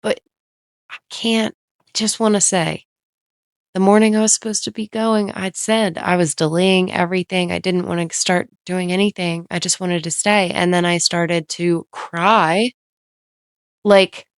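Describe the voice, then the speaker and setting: Rambling, candid woman with a smooth voice. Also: lowish voice, level tone, unhurried, no room sound, studio quality. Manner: rambling, self-interrupting, heavy use of "like"; candid, occasionally swears. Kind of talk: casual podcast storytelling.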